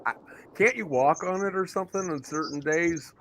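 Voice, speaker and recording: A man's voice: fairly high pitch, moderate pace, a bit bright, slight background noise. A man hosting a casual chat, joking and swearing, laughing often.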